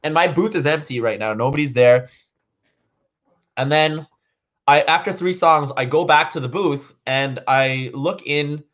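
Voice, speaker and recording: A man's voice: medium pitch, fairly bright tone. A man vlogging, casually telling a long story to his viewers, rambling with lots of "like" and "um" fillers. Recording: dull lo-fi recording.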